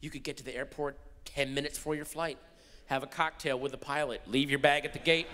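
Bright-voiced comedian ranting on stage. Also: male voice, fairly high pitch, a little fast. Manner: animated, swinging from mutters to shouted rants. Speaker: stand-up comedian. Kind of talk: stand-up comedy routine. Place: large theater stage before a live audience. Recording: live hall recording with reverb.

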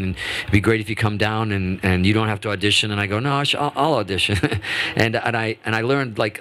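A man in his fifties, a guest musician telling stories in a casual radio interview, animated and quick to act out quotes, with many restarts. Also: fairly low pitch, a little hiss or hum. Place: radio studio.

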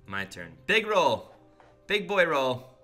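A man's voice: a little high, very animated, slow pace, pushed and bright, soft background music. A man hosting a casual board game over a voice call, playful and theatrical with mock-serious lines. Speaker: game host.

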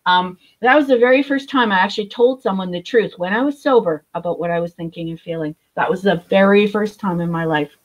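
A middle-aged woman, a guest author in recovery, telling her story candidly, blunt and animated, swearing freely. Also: medium pitch, fairly quick, few pauses, highs cut off.

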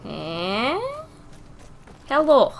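A woman's voice: fairly high pitch, sing-song, very slow, creaky. A young woman with a cough, giving hyper, swear-filled commentary on a game she plays. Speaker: gaming channel host. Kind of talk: let's play commentary.

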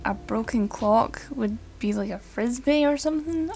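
A young woman giving casual, excitable commentary while playing a video game, giggling and swearing now and then. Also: a little high, normal speed, slight background noise. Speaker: let's play gamer.

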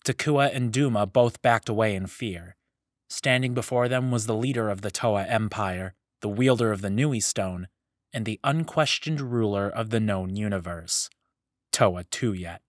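Low-voiced male story narrator. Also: unhurried, dry recording, studio quality. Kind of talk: scripted audiobook narration.

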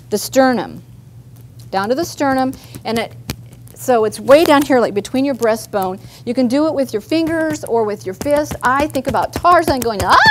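A woman's voice: on the high side, slight background noise. A woman therapist leading a live group workshop, chatty and guiding people through simple movements. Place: meeting room with a group.

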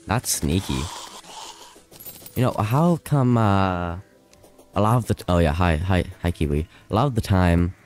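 A low-voiced man talking slowly and loosely as he streams a game live, reading chat aloud and chatting with viewers. He slides into panicked, laughing outbursts when things go wrong, and there is faint music behind him.

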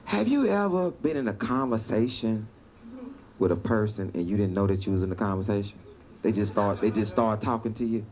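A man doing stand-up comedy, telling a long story with animated delivery and laughter. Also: on the low side, a little fast. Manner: animated, laughing through punchlines. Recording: noisy stand-up clip played back.

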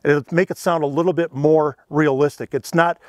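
Male instructor, fairly high voice, dry close sound, relaxed folksy demo delivery. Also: fairly quick, no echo. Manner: easygoing, conversational, folksy. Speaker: elk calling instructor. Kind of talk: instructional demonstration.

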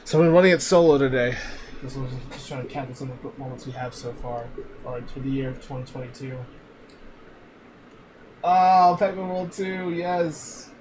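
A man's voice: medium pitch, normal speed, noisy background. A man streaming, reacting to old clips in loose casual chat, laughing a lot and swearing freely.

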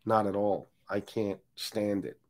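A man's voice: on the low side, flat delivery, measured pace, a little mellow. A man hosting a casual livestream, joking, cursing, and reading viewer comments aloud. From US Northeast. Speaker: livestream host.

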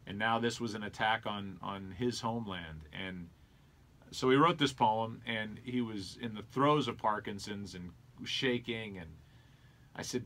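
A middle-aged man speaks with a somewhat low voice. He tells a personal story in an earnest, reflective way, as a guest in a conversational interview. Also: a little slow, a bit bright. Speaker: sports broadcaster and interview guest.

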